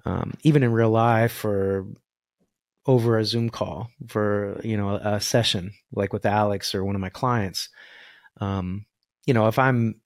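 A man's voice: fairly low pitch, dry recording, studio quality. A man who works as a voice coach, talking earnestly about spirit and energy in a podcast conversation over a video call. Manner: earnest, spiritual, animated storytelling.

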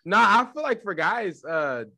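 A man co-hosting a podcast, animated and laughing as he jokes crudely. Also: high-pitched, moderate pace. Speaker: podcast co-host. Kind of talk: casual chat.

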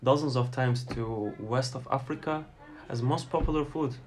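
A man's voice: mid-range voice, normal speed, slight background noise. Turkish man telling travel stories. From Turkey. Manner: storytelling, acts out passengers' lines, many fillers. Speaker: flight attendant guest. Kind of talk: casual interview chat.

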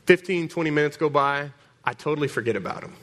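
Animated preacher man, bright voice. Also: a little high, fast talker. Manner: animated, repeats words, calls out to congregation. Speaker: pastor. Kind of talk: storytelling sermon.

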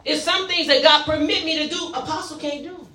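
A woman's voice: high voice, fairly even intonation, fairly quick, bright, forceful tone, reverberant, recorded from a distance. A woman preaching a sermon in short, punchy call-and-response bursts, playful and acting out little asides. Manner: playful, acts out asides and quotes.

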